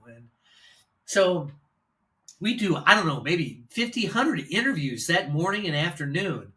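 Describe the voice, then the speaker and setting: A man's voice: sits high, sing-song, normal speed, bright, forceful tone. An older man from Illinois telling a long personal story in a casual, rambling way, with profane asides. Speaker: vlogger and storyteller.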